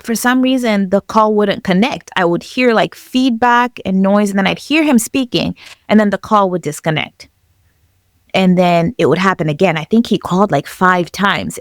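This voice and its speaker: A young woman from Zambia telling a personal story as a podcast guest, reflective and halting, with many fillers. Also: medium pitch, dry recording, studio quality.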